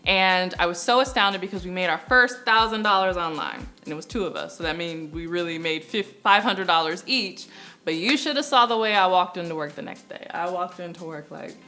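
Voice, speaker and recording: Young woman vlogging, bright tone, lowish voice, lively storyteller, faint music under it. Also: a little fast. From United States. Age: young adult. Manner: animated storyteller, acts out quoted voices. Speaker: YouTube business coach. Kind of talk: storytelling vlog.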